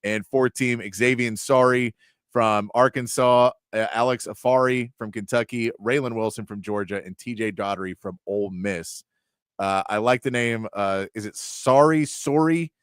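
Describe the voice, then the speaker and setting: A man's voice: on the low side, steady tone, moderate pace, clear, resonant tone, no room sound, studio quality. A man hosting a sports talk show, reading through lists of player names and chatting, sometimes tripping over a name. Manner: reads off long lists of names, stumbling on some. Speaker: sports radio host.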